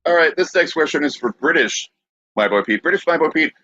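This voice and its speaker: A man's voice: a little high, animated, fairly quick, pushed and bright, dry recording. A man hosting a podcast, reading out questions in an easygoing way. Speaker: podcast host. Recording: dull dry lo-fi sound.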